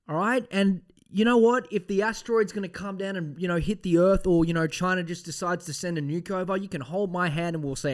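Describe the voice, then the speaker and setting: A man's voice: high-pitched, moderate pace. A man hosting a casual podcast. He rambles off on tangents with a lot of swearing and mock threats. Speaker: podcast host.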